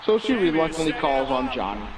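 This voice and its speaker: A man with a fairly high voice tells a long joke in a chatty, playful manner. He calls in over the internet, sounding distant from his mic, with a loud arena crowd running underneath. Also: sing-song, a little fast. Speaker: co-host telling a joke. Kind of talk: casual chat and joke telling. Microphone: remote internet call.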